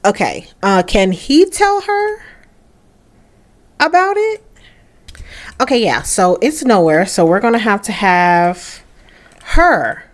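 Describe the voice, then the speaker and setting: A young woman giving casual let's-play commentary on a life-simulation game, chatty and animated. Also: medium pitch. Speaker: gaming creator.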